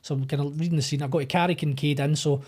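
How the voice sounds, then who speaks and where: A Scottish man with a slightly high voice rattles through a story at a quick clip. He's a podcast guest telling an on-set anecdote, slipping into the voices of the people in it and swearing freely. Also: fairly even intonation, darkish tone, slightly rough. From Scotland. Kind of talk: casual storytelling.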